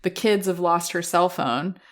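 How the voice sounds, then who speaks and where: A woman guesting on a podcast, talking about films in a lively, casual way and laughing easily. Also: fairly low pitch. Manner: lively, quick to laugh, acts out quotes. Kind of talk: casual film discussion.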